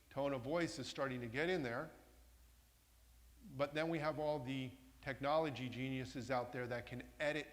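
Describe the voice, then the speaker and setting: A man leads a workshop in a large meeting room and keeps putting questions to the audience in the room. His voice sits at an ordinary middle pitch. A long reverb from the hall trails behind every phrase. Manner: engaging, asks the audience questions. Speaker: workshop presenter. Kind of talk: interactive talk to a live audience.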